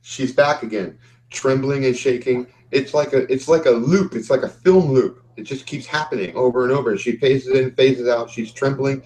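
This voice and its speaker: A man narrating a tabletop game as game master, in a calm, descriptive storytelling manner. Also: mid-range voice, normal speed, poor audio.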